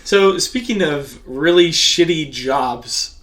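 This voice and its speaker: A young man co-hosting a casual podcast, dropping quick joking remarks. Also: fairly high pitch, lively intonation, fairly bright tone. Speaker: podcast co-host. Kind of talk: casual chat.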